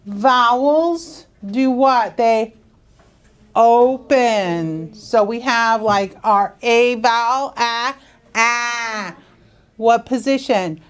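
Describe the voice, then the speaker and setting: A woman teaching young students phonics in a school classroom, drawing words out slowly and asking coaxing questions. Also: on the high side. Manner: slow, drawn-out, coaxing questions.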